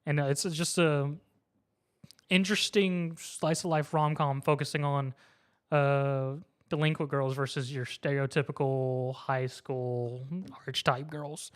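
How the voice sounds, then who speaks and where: A man recapping an anime episode in casual chat, lively and quick to laugh, acting out the characters' lines. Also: fairly high pitch, clear, resonant tone. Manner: animated retelling, acts out characters' lines, laughs often. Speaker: podcast co-host.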